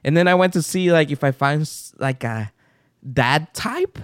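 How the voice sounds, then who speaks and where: A podcast co-host tells a story in a casual chat, acting out the people in it. His voice is a little high, clear and resonant, at a moderate pace, captured with clean studio sound and no room tone.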